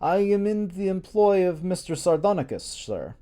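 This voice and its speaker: A man's voice: sits high, big pitch swings, moderate pace, warm tone, pitched above the performer's own voice. A man reading aloud and voicing a taciturn male servant with a thick put-on accent and clipped, stiff replies. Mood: stiff, curt.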